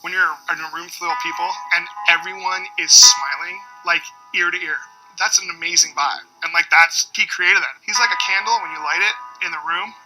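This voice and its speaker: Young guy, kinda high voice, walking through the story step by step, loud music behind. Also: fairly even intonation, brisk, low-quality recording. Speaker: interviewee, friend at the party. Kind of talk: casual anecdote interview.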